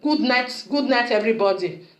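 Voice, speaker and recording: Woman vlogger, Nigerian Pidgin accent, high and scolding, in a roomy echo. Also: normal speed. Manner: scolding, repetitive, rhetorical "huh?". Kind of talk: scolding video message.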